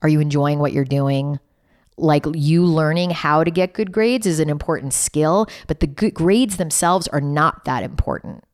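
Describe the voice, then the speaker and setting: A woman's voice: sits low, moderate pace. A middle-aged woman, a podcast guest, chatting casually and acting out conversations as she tells stories. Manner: animated storyteller, acts out dialogue. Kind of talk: casual interview chat.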